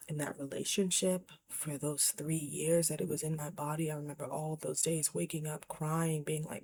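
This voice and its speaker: A woman's voice: deep voice, level tone, brisk, mellow, breathy edge. A woman vlogger telling a personal story to camera in a candid, reflective way, often dropping to a near whisper.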